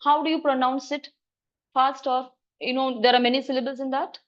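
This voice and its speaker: A woman teaching a grammar lesson in a classroom, brisk and coaxing as she quizzes students. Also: sits high, fairly even intonation, highs cut off.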